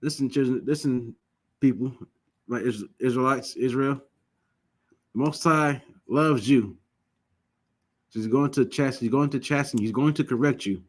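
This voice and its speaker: A man teaching a religious class, emphatic and repetitive, often asking the listeners questions and telling lively stories. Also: medium pitch, normal speed, long pauses. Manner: lively storytelling.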